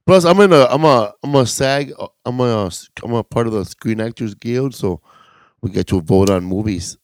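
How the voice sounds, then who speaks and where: A man's voice: mid-range voice, normal speed. A man co-hosting a podcast, a comedian in casual chat who throws in short playful remarks.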